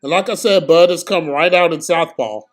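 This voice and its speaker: A young man giving casual, slangy live commentary on a boxing match for his stream, excitable and prone to bursts of shouting. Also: a little high, moderate pace.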